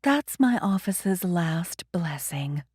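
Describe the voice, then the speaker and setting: A woman voicing a calm, condescending female religious official in an audiobook, measured and soothing. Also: fairly low pitch, slightly rough, dry recording, clean studio sound, voice pushed down, full character voice. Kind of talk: audiobook character voice.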